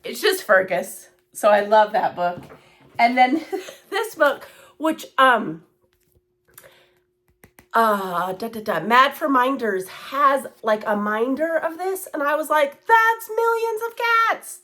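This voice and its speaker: A woman's voice: fairly high pitch, lively intonation, takes it slowly, sharp tone. A woman in her thirties chatting casually in a cross-stitch vlog, rambling with asides and fillers. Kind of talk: casual chat.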